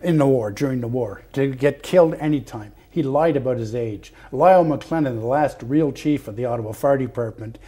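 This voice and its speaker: An older man from Canada, a retired fire captain, telling stories as a guest in an interview, acting out the dialogue with loud animated bursts. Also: mid-range voice, brisk, few pauses, breathy edge. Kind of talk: anecdotal interview storytelling. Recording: television studio interview.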